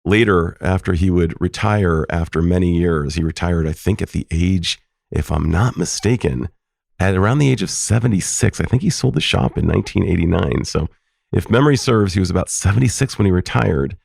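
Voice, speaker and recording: Deep gravelly man telling family stories. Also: brisk, no echo, studio quality. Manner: warm, laughing storytelling. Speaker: podcast host, psychologist. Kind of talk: personal storytelling.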